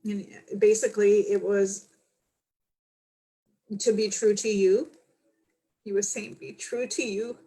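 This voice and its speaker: A woman hosting a livestream as a spiritual medium, talking in a soft, heartfelt, halting way. She sounds tired. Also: mid-range voice, steady tone, low-quality recording. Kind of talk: casual livestream talk.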